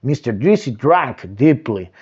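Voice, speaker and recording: Guy reading a kids bedtime story, slow n lively, muffled lo-fi mic. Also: medium pitch, husky. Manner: slow, expressive, dramatic pauses. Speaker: storytime reader. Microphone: desktop microphone.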